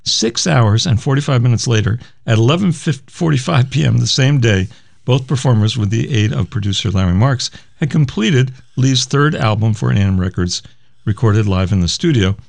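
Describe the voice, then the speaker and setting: A man's voice: medium pitch, animated, normal speed, vocal fry, no room sound. A man co-hosting a music radio show, chatting casually and rambling as he reads out old album liner notes. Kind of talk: casual chat about music records.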